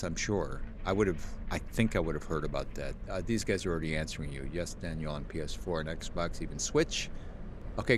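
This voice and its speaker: A young man live-streaming a game, chatting with viewers and reading chat aloud, easily excited. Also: sits low, slight background noise.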